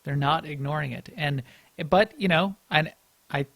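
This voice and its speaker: A man co-hosts a podcast in easy, casual chat, his slightly high voice carrying a gravelly edge. He rambles through frequent restarts and little chuckles. The sound is dry and close, with no room to speak of. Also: moderate pace, a bit bright, no echo. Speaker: podcast co-host.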